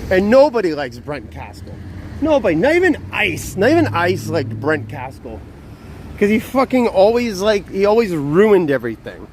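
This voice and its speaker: A man's voice: high-pitched, sing-song, normal speed, slight background noise. A young man live streaming outdoors, ranting in a profane, exasperated, repetitive way. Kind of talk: casual live stream talk.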